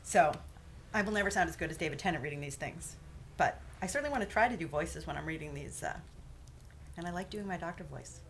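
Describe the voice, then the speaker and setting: A woman vlogger chatting casually and self-deprecatingly about reading fiction aloud. Her voice sits somewhat low, and faint room ambience hangs behind her. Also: lively intonation, fast talker, slight background noise. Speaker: vlogger and podfic reader. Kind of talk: casual chat.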